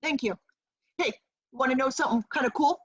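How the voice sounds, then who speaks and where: A woman improvising a comedy scene over a video call, brash and rambling with a deadpan edge. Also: sits high, brisk, husky. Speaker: improv performer. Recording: dull lo-fi video call audio.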